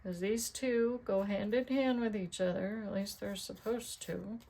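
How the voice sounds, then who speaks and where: A woman's voice: mid-range voice, fairly even intonation, unhurried, creaky, mellow, slight background noise. A middle-aged woman chatting casually while making cards, talking to herself and asking her viewers questions as she works. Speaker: card-making crafter. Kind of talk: casual crafting tutorial chat.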